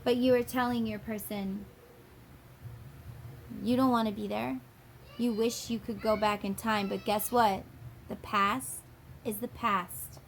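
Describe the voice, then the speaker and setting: A woman's voice: mid-range voice, steady tone, slight background noise. A woman giving a channeled tarot reading to her viewers, musing aloud and dropping into acted quotes. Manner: drawn-out, musing delivery that dips into acted quotes. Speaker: tarot reader.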